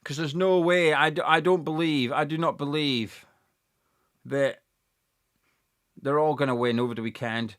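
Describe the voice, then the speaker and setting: A young man, talking fast and excitedly as he commentates live on a football match for viewers. He chats informally, thanks viewers by name and reacts to the play. His voice sits a little high for a man. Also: clear, resonant tone. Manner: excitable, chatty, reads out viewer messages. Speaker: fan channel host.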